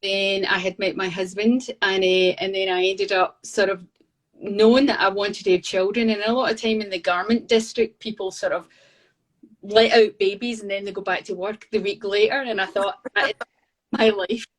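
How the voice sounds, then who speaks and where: A woman in her fifties with a softened Scottish accent, a guest artist telling her story in a chatty, laughing way over a video call from her studio. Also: mid-range voice, level tone, normal speed. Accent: Scottish, slightly softened. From Scotland. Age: 50s. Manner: chatty, laughs between anecdotes. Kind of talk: casual storytelling chat. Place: home art studio.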